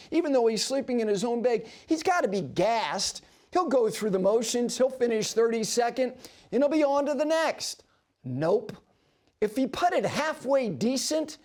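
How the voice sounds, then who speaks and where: High-voiced animated man hosting a golf show. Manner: animated storyteller with emphatic asides. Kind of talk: broadcast sports commentary. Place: TV studio.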